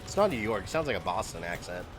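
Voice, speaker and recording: A man's voice: on the low side, big pitch swings, fast. A man streaming a video game, giving casual, rambling commentary full of fillers. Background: game music.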